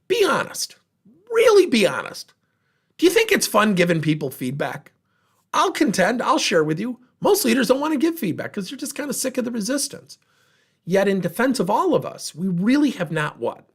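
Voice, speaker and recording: Husky animated male workshop speaker. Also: on the high side. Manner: animated storyteller, voicing others in dialogue. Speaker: workplace trainer and speaker. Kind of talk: motivational workshop talk with acted-out anecdotes.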